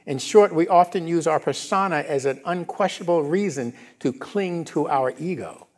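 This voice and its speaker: Animated man giving a casual sermon. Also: on the high side, moderate pace. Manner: casual, animated, asks the congregation if they follow. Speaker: minister. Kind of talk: conversational sermon. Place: church sanctuary.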